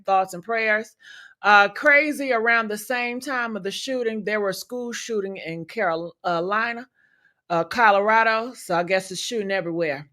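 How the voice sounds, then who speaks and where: A woman's voice: medium pitch, pushed and bright. A woman hosting a livestream, giving blunt, profane commentary and talking to her chat. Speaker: livestream host.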